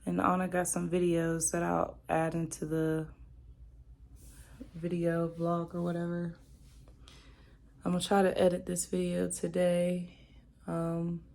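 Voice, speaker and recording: Young woman vlogging to camera, teary and rambling, gravelly low-key voice, kinda mellow. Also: monotone, takes it slowly, pauses often. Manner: emotional, tearful, rambling. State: crying. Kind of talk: personal vlog, talking to camera.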